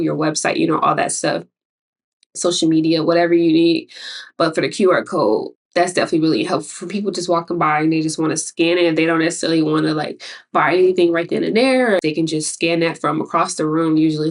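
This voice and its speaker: A woman's voice: fairly low pitch, distant mic. Chatty Chicago woman vlogger. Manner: chatty, rambling, self-interrupting with laughs. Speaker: artist and graphic designer. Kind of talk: casual tips vlog.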